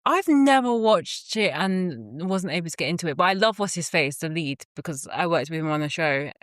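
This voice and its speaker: A woman co-hosting a podcast in casual chat, talkative and quick to laugh, often restarting her sentences. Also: fairly low pitch, lively intonation, fairly bright tone, no room sound, clean studio sound. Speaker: podcast co-host.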